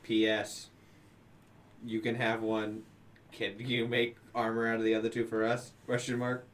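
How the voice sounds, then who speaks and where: A man's voice: mid-range voice, monotone, far from the mic, slight background noise. A man playing a tabletop game, joking and laughing between moves. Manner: playful, laughing, quick jokes. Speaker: player. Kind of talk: casual tabletop play.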